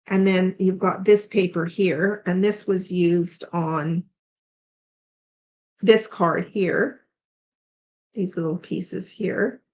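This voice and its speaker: On a slightly dull lo-fi recording, a middle-aged woman from Canada hosts a casual craft tutorial. She is chatty yet tired and yawning, voicing her thoughts with unsure asides in a medium-pitched voice with vocal fry.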